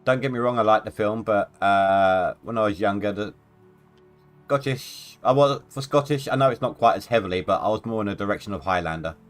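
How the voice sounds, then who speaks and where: A man's voice: fairly low pitch, fairly quick, soft background music. A man chatting dryly with a friend while playing a game together, pushing back on his points. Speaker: co-player. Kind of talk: casual gaming chat.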